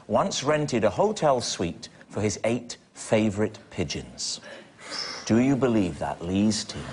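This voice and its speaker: A man's voice: lowish voice, big pitch swings, takes it slowly, a little mellow, a little hiss or hum. A man hosting a comedy panel show in a playful, theatrical way. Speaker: game show host. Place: TV studio with live audience. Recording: live studio audience.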